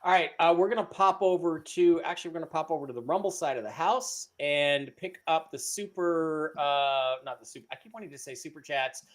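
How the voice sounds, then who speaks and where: A man's voice: fairly high pitch, a little fast, hardly any pauses. A man hosting a live stream, chatting loosely, reading out giveaway winners and stumbling over names. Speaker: livestream host. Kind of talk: casual live-stream chat.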